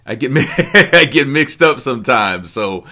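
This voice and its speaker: A man hosting a casual TV recap chat, laid-back and halting, with lots of fillers. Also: mid-range voice, lively intonation, bright, forceful tone. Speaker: podcast host.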